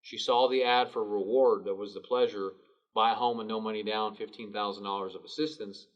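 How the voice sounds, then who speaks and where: A man giving a sales training talk in a calm, low late-night DJ manner. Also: fairly quick. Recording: distant mic, dull sound.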